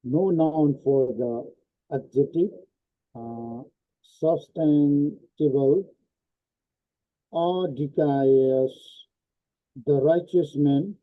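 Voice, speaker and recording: A male student reading an exercise aloud in class, halting and with fillers. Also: a little high. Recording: tinny phone-like line.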